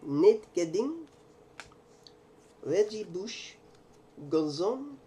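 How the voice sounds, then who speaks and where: A man's voice: high-pitched, big pitch swings, drawn-out words, dark tone, a little hiss or hum. An American man hosting a casual card-opening video, joking around in a put-on mock French accent. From United States. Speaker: card-breaking video host.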